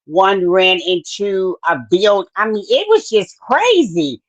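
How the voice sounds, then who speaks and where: In a sing-song, mid-range voice, this podcast host talks slowly and barely pauses while she chats on her live stream, filling her speech with fillers and saying hello to viewers by name. The lo-fi audio is dull and dry, without echo.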